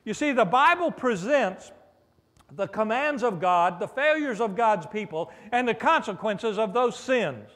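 A man delivers a lively sermon from the pulpit in an unusually high register for a man. He prompts the congregation with amens and drops in homespun humor. His voice carries a long echo from a large church hall. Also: unhurried. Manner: preacherly, with call-and-response "amen?" and playful asides. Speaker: pastor.

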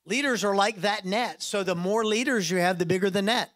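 A man preaching a sermon in a church with a lively, animated delivery. He jokes with the room and often acts out other voices as he talks. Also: high-pitched, brisk. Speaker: guest preacher.

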